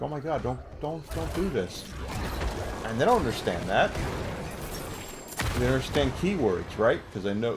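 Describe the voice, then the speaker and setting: A man's voice: mid-range voice, a little hiss or hum. A man chatting casually while playing a video game, rambling with lots of fillers. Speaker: gamer. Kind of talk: casual gameplay commentary.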